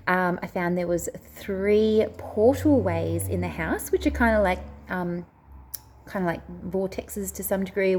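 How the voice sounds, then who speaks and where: Lady chatting to her followers, kinda lowish voice, wanders off topic a lot, lots of ums. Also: a little mellow. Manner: chatty, rambling, drifts off track; frequent hesitations and restarts. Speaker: spiritual video host. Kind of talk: casual storytelling to camera.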